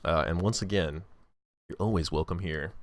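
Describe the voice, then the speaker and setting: A man's voice: deep voice, normal speed, dry recording, clean studio sound. A man streaming live, chatting casually with viewers in a joking, profane and self-mocking way.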